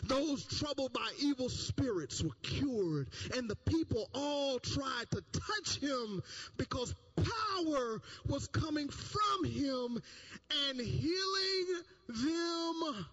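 A man preaching a sermon, telling the story with lots of repetition and bursts of loud emphasis. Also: extremely high pitch, slow. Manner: animated storytelling, repeating phrases, rising to shouts. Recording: dull lo-fi sound.

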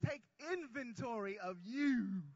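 A man preaching a sermon who calls on his congregation to answer back, drawing out key words and swinging between quiet asides and loud lines. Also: very high-pitched, unhurried, no echo, lo-fi sound. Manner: call-and-response with the congregation.

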